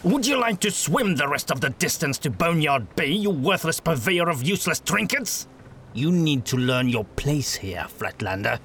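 A man's voice: mid-range voice, expressive, normal speed, fairly bright tone, slight background noise, natural voice. A man voicing a stern older male witch hunter master, curt, sarcastic and domineering. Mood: threatening.

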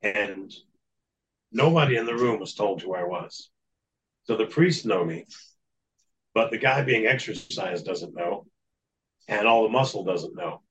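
A man's voice: on the low side, lively intonation, unhurried, pauses often, a bit bright, a little hiss or hum, rough recording. A man speaking as a guest in an interview, telling a long story in an earnest, matter-of-fact way. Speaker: guest recounting exorcism experience.

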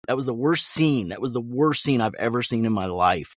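A man's voice: mid-range voice, lively intonation, brisk, no echo, clean studio sound. A man who works as a voice actor, a guest in a casual chat, ranting bluntly with sardonic, profane jokes.

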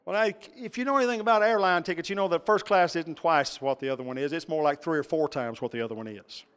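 A man's voice: fairly high pitch, quick pace, fairly bright tone, clean tone. A man preaching a sermon, telling a folksy story with repeats and asides to his congregation. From Texas. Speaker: pastor. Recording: echoey hall with long reverb.

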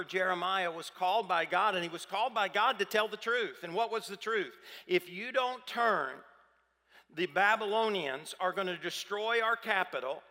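A man's voice: high-pitched, sharp tone. A man preaching a sermon as pastor in a large church hall, conversational, putting rhetorical questions to the congregation. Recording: long reverb of a large hall.

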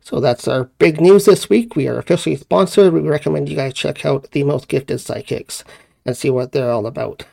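A man hosts a live podcast, running through upbeat announcements and plugs with frequent "uh"s. His voice is gravelly with some vocal fry and sits a little higher than usual for a man. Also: moderate pace, mellow. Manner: upbeat, promotional, with many "uh"s. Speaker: podcast host.

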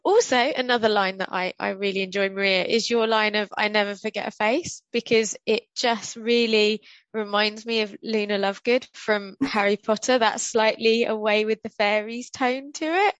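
A woman's voice: mid-range voice, steady tone, moderate pace, no echo. A woman host asks guests about their roles, effusive and keen. Her audio is dull and lo-fi. The sound is completely dry, with no room in it. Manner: enthusiastic, effusive questions. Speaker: podcast host. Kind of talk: casual podcast interview.

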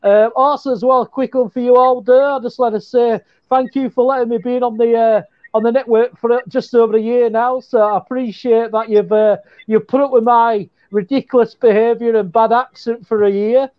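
A man's voice: very high voice, fairly even intonation, moderate pace, hardly any pauses, lo-fi sound. A British man on a casual sports podcast, cheerful and chatty, calling people mate. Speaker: podcast contributor.

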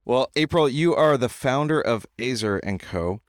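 A man's voice: medium pitch, lively intonation, normal speed, no room sound, studio quality. A middle-aged man hosting a podcast, chatty and joking, talking casually with a friend in an in-person recording setup. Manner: chatty, joking, self-deprecating. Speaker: podcast host.

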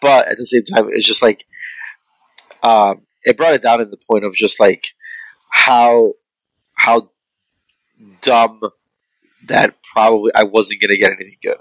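A man in a casual chat about a film, talking in a rambling, profane, animated way. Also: on the low side, a little slow, long pauses, no echo, rough recording. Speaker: podcast co-host reviewing a film.

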